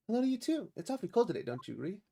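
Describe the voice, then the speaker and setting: A man doing a chirpy, high young woman. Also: big pitch swings, racing, gravelly, dark tone, a little hiss or hum, exaggerated voice. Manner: bubbly, chirpy.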